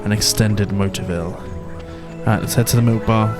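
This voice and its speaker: A man's voice: lowish voice, fairly even intonation, normal speed. A man giving casual gameplay commentary as he plays, thinking aloud and rambling. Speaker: let's-play commentator. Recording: game music playing underneath.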